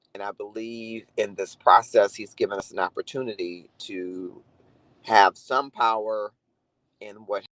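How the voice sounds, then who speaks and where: A man's voice: lowish voice, a bit bright, dry recording, rough recording. A man talking earnestly and reflectively to viewers on a live stream, greeting commenters by name. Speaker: livestream host. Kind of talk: casual live chat to viewers.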